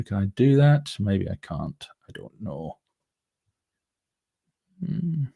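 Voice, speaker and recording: A man's voice: low-pitched, big pitch swings, slow pace, vocal fry, pauses often, a little mellow, husky, no echo, studio quality. A man who writes novels, chatting casually to camera and rambling with many fillers and restarts. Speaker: author. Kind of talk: casual chat.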